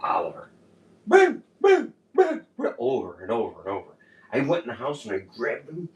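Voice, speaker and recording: A man co-hosting a podcast in casual chat, rambling and animated, often laughing as he tells stories. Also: mid-range voice, moderate pace. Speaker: podcast co-host. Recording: echoey room, distant mic.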